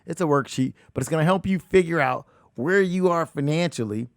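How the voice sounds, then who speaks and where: A man hosting a money talk show as a real estate coach, talking emphatically, repeating phrases and swinging between loud outbursts and hushed asides. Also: fairly high pitch, fairly quick, dry recording, clean studio sound. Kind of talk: animated motivational talk.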